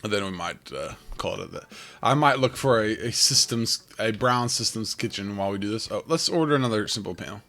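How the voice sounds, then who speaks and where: Gravelly-voiced man muttering through gameplay. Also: fairly low pitch, animated, fairly quick, pushed and bright, faint music behind. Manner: rambling, thinking aloud. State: rough morning voice. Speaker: game streamer. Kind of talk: casual gameplay commentary.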